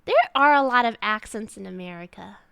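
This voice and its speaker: A woman's voice: mid-range voice, expressive, brisk, vocal fry, a bit bright, clear, resonant tone, no echo. A young woman streamer chatting casually with her live chat, rambling with lots of "like" and restarts.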